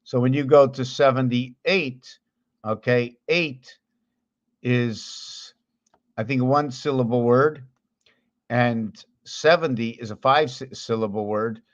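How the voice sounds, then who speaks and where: A man's voice: mid-range voice, slow, muffled recording. Man thinking aloud over number patterns. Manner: thinks aloud, counts and corrects himself. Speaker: video host. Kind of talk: rambling explanation of number patterns.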